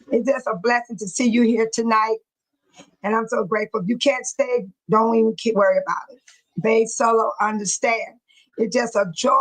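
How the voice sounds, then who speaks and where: A woman's voice: on the high side, poor audio. A woman hosting a casual livestream, emotional and preachy, reading viewer comments aloud. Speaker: livestream host.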